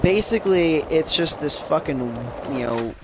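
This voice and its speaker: A man's voice: fairly high pitch, animated, normal speed. A young man streaming a game, telling a childhood story in casual chat, laid back and swearing. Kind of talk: casual chat while gaming. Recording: crackly, noisy audio.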